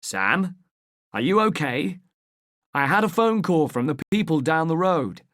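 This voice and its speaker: A woman reading the lines of a kind male police constable in a children's story, calm and concerned. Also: low-pitched, a little slow, no room sound.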